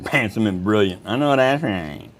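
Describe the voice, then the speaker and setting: A middle-aged man, hosting a casual live chat. He swears freely and laughs loudly at his own jokes. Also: fairly low pitch, animated, normal speed. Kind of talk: casual livestream chat reading comments.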